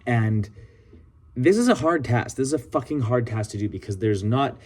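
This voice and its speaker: A man's voice: mid-range voice, expressive, moderate pace, noisy background. A young man vlogging, telling stories in a loose, chatty way full of casual swearing. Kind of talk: casual vlog storytelling.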